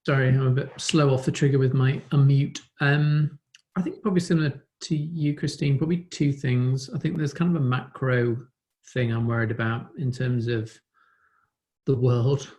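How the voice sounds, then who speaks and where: Englishman, english accent, even flat tone, hedging, video call. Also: medium pitch, moderate pace. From England. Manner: reflective, hedging with "kind of". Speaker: business owner. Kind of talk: casual chat on a video call.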